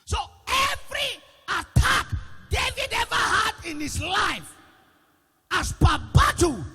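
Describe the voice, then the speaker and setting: A Nigerian man preaches in a very high, gravelly voice that swoops widely up and down. He speaks slowly and often breaks into shouting, with a sing-song lilt and call-and-response questions to the church. Faint music plays behind him. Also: sing-song, big-room sound. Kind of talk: sermon. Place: church with a gallery.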